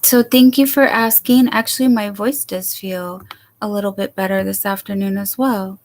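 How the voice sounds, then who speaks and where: A woman's voice: medium pitch, fairly even intonation, moderate pace, darkish tone, slight background noise. A woman hosting a casual late-night livestream from home, chatting and rambling as she greets viewers by name. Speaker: livestream host.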